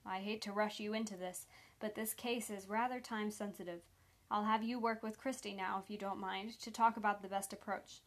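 A woman reading the lines of a calm, gentle male federal agent who speaks persuasively. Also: medium pitch, a little fast, natural voice.

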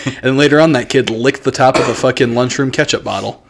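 A man's voice: medium pitch, fast, creaky. A man telling childhood stories in casual podcast chat, swearing freely and laughing often.

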